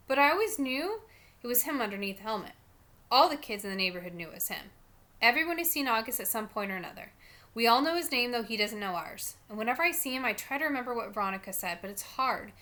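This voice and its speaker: A woman reading a novel aloud in an expressive storytelling manner. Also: fairly high pitch. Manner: expressive, shifts voice for each character. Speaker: storybook reader.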